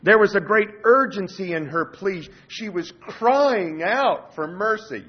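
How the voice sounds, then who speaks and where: Husky guy preaching hard, goes loud then real quiet, kinda muffled recording. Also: high-pitched, expressive, measured pace. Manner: impassioned, swinging from loud urgency to quiet intensity. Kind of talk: sermon. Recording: dull lo-fi sermon recording.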